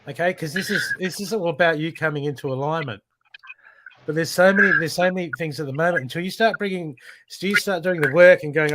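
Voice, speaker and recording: A man's voice: a little high, fairly quick. A man giving a live spiritual card reading as host, emphatic and repetitive, swearing casually. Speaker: intuitive card reader and show host. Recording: steady background noise.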